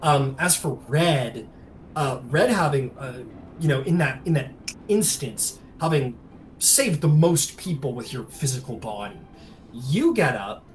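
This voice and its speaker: A man narrating a tabletop game as game master, soft-spoken and rambling with many fillers. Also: mid-range voice, very animated, measured pace, a little hiss or hum.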